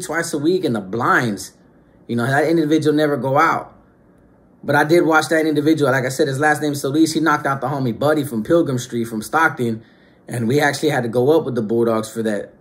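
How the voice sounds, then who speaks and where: Slangy man, higher voice. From Northern California. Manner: street slang, swinging between hushed asides and raised bursts. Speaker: storyteller recounting his youth. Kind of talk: casual storytelling to camera.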